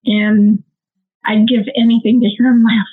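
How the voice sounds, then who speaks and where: A middle-aged woman with a Midwestern American accent tells her story with animated, emotional energy, her voice sitting a little high for a woman. The sound comes through thin and tinny, like a phone line. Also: a little slow, breathy edge. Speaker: nonprofit co-founder; guest. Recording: tinny phone-like call audio.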